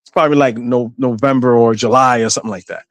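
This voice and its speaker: A man's voice: mid-range voice, steady tone, fast, no room sound. Talkative man, dry close sound. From Guyana. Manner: storytelling, many restarts. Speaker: panelist. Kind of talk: casual discussion.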